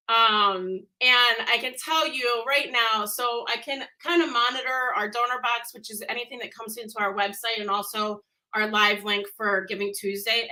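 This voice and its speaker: Bright-voiced emotional woman hosting a fundraiser. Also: a little high. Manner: emotional, excited, near tears. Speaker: charity livestream host. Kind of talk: live charity fundraiser broadcast.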